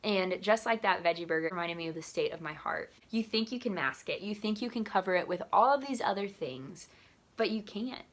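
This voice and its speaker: A young woman who works in church ministry, telling a personal story to her vlog audience in a lively way and acting out the voices of the people in it. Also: mid-range voice, brisk. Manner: animated, acts out quoted voices.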